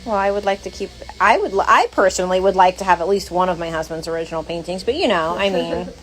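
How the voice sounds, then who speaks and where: A woman's voice: fairly low pitch, fast talker, soft background music, poor audio. Woman livestream co-host, casual and blunt, reads comments aloud, some swearing.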